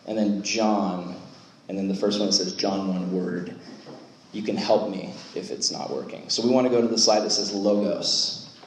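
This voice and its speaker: A man's voice: lowish voice, slight background noise. A young adult man giving a casual, jokey youth sermon as youth pastor, acting out quotes along the way. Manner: chatty, jokey, acts out quotes. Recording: very echoey room.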